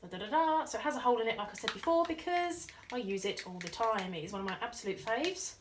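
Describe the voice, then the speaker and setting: Her voice is fairly high and expressive, moving at a quick clip as she chats playfully about the look she's creating. A makeup artist giving a casual working tutorial, she tosses in giggly asides; the mic is a bit distant, with faint background noise.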